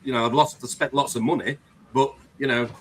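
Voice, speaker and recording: Brief: chatty man hosting an online show, mid-pitch voice, light background hiss. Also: fairly even intonation, fairly quick. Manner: chatty, rambling, earnest. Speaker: host. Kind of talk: casual live-stream chat.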